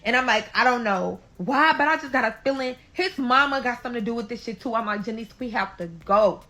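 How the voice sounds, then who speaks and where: Bright-voiced St. woman telling a story. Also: fairly high pitch, quick pace, low-quality recording. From St. Louis, USA. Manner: animated, keeps calling out to listeners, swears freely. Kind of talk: storytime vlog.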